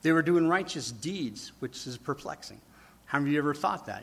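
A man preaching a sermon in a conversational way, asking the congregation rhetorical questions and dropping to a hush for emphasis. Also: fairly high pitch, animated, brisk, gravelly, slightly rough. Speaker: pastor.

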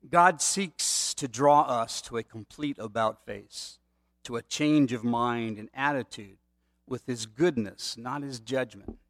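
A middle-aged pastor preaches a sermon in a conversational, storytelling style, dropping asides to his listeners. His mid-range voice is fairly bright and slow, captured in a dry, clean studio recording.

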